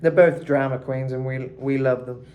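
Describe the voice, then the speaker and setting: A man's voice: medium pitch, steady tone, normal speed, a loud crowd. A man giving a casual singing tutorial, chatting loosely with lots of fillers and asides. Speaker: vocal coach. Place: hot room indoors.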